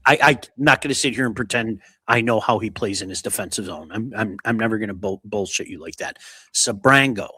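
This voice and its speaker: A man with a bright, forceful voice hosts a sports talk show. He talks bluntly and gets animated, and his voice sounds close and dry, with no room behind it. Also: on the low side, brisk, slightly rough, no room sound. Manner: blunt, animated, reads viewer comments.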